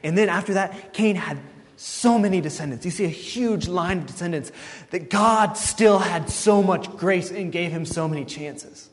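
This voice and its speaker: A man preaching a sermon, telling a story in a lively way and acting out the people in it. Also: sits high, moderate pace, long reverb tail.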